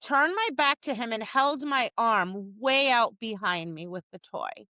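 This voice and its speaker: A woman's voice: on the high side, lively intonation, a little slow, bright, forceful tone, no room sound. A woman co-hosting a podcast about dog training, talking casually and acting out cheery voices and dog reactions. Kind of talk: casual chat.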